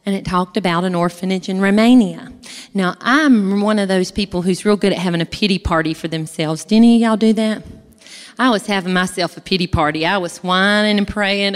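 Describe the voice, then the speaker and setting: Folksy woman giving a testimony. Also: mid-range voice. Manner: folksy, chatty, addresses the audience directly. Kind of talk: church testimony to an audience. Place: large hall, speaking from a stage. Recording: echoey hall with long reverb.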